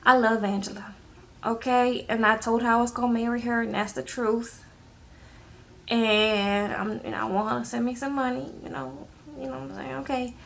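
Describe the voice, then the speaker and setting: A woman's voice: fairly high pitch, little pitch movement, moderate pace, gravelly, fairly bright tone, a little hiss or hum. A woman mimicking a man in jail, casually shrugging off his arrest and asking for money. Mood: offhand.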